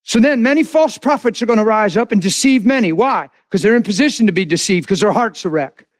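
Impassioned high-voiced male preacher. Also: animated, brisk, no room sound. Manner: impassioned, swings from loud to hushed. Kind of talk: sermon.

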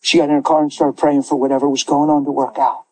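A man preaching as a pastor, telling a story with lively acted-out quotes and frequent laughter. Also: fairly high pitch, fast, poor audio. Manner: animated, laughs often, acts out quoted voices. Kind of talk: sermon storytelling.

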